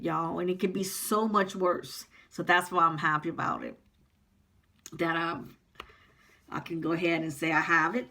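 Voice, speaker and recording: A heartfelt woman speaks straight to her viewers in a personal vlog. Her voice sits a little low yet sounds bright and forceful, and she rambles with frequent ums. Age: 50s. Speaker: vlogger. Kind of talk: personal vlog talking to camera.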